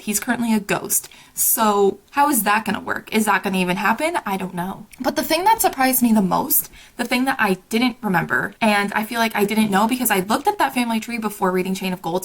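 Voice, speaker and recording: A young woman chatting casually in a reading vlog, excitable and gushing, fretting aloud and laughing often. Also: medium pitch, creaky. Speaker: book vlogger.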